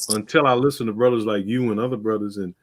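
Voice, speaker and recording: A man's voice: lowish voice, fairly even intonation, fast, a little hiss or hum. A man hosting a livestream roundtable, talking in a laid-back, slangy way and laughing often. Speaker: livestream host. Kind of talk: casual chat.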